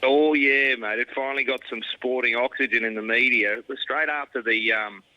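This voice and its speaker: Very bright-voiced Australian man bantering. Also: mid-range voice, fairly even intonation, fairly quick, muffled recording. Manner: laid-back, self-deprecating, full of "mate". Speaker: rugby pundit guest. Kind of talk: casual banter interview.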